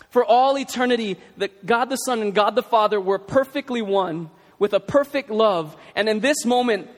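Male pastor, conversational sermon delivery, lifted pitch, reverberant church hall. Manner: conversational, emphatic preaching. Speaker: preacher.

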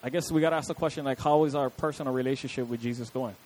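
A man's voice: medium pitch, steady tone, very fast, darkish tone, slight background noise, rough recording. A young adult man preaching a casual, conversational sermon with chatty asides to his listeners.

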